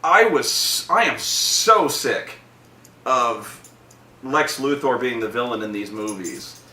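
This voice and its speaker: Man, casual movie chat, profane and rambling, bright tone, echoey distant mic. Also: medium pitch, lively intonation, takes it slowly. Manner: rambling, profane, acts out quotes in loud voices. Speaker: vlog host reviewing a movie. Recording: roomy echo, from a distance, faint noise.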